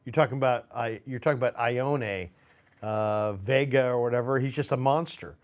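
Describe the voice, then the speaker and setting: A man's voice: mid-range voice, moderate pace. A man hosting a live sports stream, chatting casually and rambling with fillers and restarts. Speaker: sports show host. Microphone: phone.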